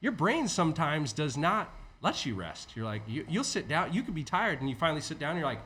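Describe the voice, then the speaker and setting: A man as a podcast guest, an entrepreneur teaching in a casual, animated way with frequent swearing. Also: fairly high pitch, a little fast. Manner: animated, profane, acts out inner voices. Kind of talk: conversational teaching.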